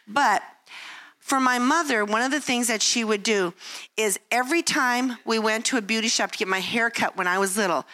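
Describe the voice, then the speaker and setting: Bright-voiced older woman sharing stories. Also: mid-range voice. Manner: candid, self-deprecating storytelling with acted-out quotes. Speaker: Christian speaker. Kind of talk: personal devotional talk.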